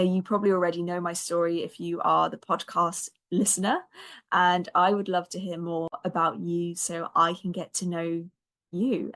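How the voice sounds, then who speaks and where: Soft-spoken woman, slightly croaky. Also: lowish voice. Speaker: podcast host and coach. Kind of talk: podcast monologue.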